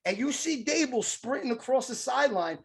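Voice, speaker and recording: A man co-hosting a casual sports podcast, excitable and profane as he jumps in with stories. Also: very high voice, fairly quick, vocal fry, husky. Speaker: podcast co-host.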